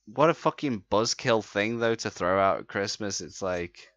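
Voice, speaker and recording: A man's voice: fairly low pitch, lively intonation, moderate pace, a bit bright, muffled recording. A man co-hosting a comedy podcast, rambling and self-deprecating, laughing often in casual chat. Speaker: podcast co-host.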